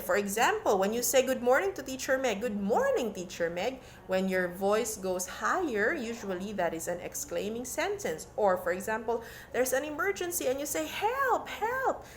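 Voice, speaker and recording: Young woman teacher, slow and clear, lively ups and downs, gets kids to repeat words, encouraging. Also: medium pitch, slight background noise. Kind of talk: children's lesson.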